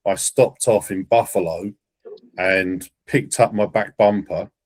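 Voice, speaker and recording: A man's voice: on the low side, measured pace. A man, a guest on a podcast, casually telling stories and often repeating his words. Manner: relaxed anecdotal storyteller, repeats words. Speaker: guest car builder. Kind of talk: casual chat.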